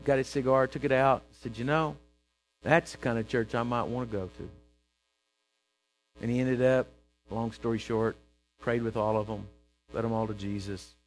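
A man preaching a sermon, telling a story and acting out its characters with bursts of loud emphasis. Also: mid-range voice, animated, normal speed, pauses often, soft background music, rough recording.

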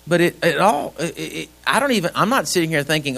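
A man's voice: fairly high pitch, big pitch swings, fairly quick, creaky, fairly bright tone. A middle-aged man preaching a sermon in a folksy, conversational way, throwing rhetorical questions at his congregation. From grew up on a ranch.

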